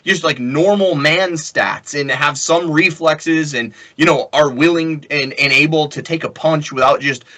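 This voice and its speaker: A man's voice: on the high side, unhurried, hardly any pauses, bright, forceful tone. A man co-hosting a podcast discussion, talking casually and reasoning things through. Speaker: co-host.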